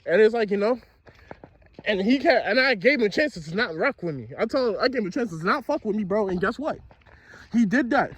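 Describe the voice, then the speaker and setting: Animated young man with a high voice. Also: brisk, slightly rough. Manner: animated, slangy, profane storytelling. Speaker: vlogger telling a story. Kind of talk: casual storytime monologue.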